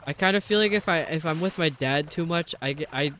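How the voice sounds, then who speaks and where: A male game streamer rambles along to his viewers while he hunts for a way through the level. His voice sits a little high for a man. A faint noise floor hums beneath him. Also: a little fast, fairly bright tone. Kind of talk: casual live-stream chat while gaming.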